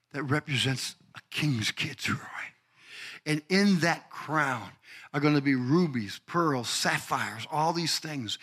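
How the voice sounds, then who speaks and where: An older man preaching a fervent sermon, calling out congregants by name and building to shouted climaxes. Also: a little high. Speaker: pastor.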